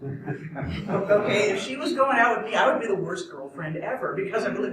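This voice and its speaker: A woman's voice: mid-range voice, big pitch swings, moderate pace, a crowd in the background. Woman storyteller, wry and rambling, distant mic in a reverberant venue. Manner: rambling, self-correcting, wry asides. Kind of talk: live comic storytelling. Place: live event room. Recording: echoey room from far off.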